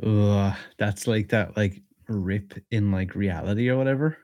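A man's voice: fairly low pitch, unhurried, darkish tone. A man co-hosting a podcast, laid-back and wry, swearing casually. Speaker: podcast co-host.

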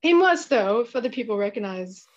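A woman's voice: fairly high pitch, fairly quick, lo-fi sound. A woman from Pennsylvania in casual podcast chat, telling stories and laughing often. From Pennsylvania, United States. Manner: chatty, laughs often, lively storytelling.

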